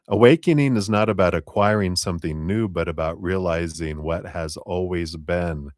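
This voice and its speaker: A man with a low, deep voice reads tarot on a live stream, talking gently and taking his time over each card. His voice is close to the mic and sounds dry, with no room around it. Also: dry recording. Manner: gentle, unhurried spiritual guidance. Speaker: tarot reader.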